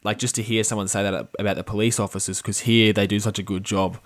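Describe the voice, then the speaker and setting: Man, fairly low voice, dry close sound, casual podcast host, lots of "like". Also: little pitch movement, fast talker, no echo. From Australia. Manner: thoughtful, lots of filler "like".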